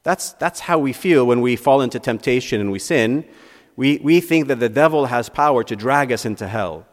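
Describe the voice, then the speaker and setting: A man's voice: medium pitch, animated, normal speed, big-room sound. A male priest giving a reflective homily, posing rhetorical questions and repeating words as he thinks aloud.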